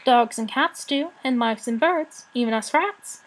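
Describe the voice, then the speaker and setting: A woman's voice: on the high side, measured pace, poor audio. A woman voicing a plain-spoken, matter-of-fact small female rat in a storybook reading.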